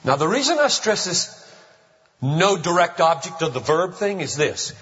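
A man preaching a sermon as pastor, emphatic and driving home points with slow, stressed phrases. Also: fairly high pitch, sing-song, a bit bright. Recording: muffled hall reverb.

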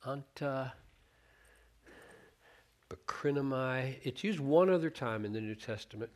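A man's voice: on the high side, animated, a little slow. A man preaching a sermon on a Bible passage, earnest, restarting words as he thinks aloud and acting out the quoted lines.

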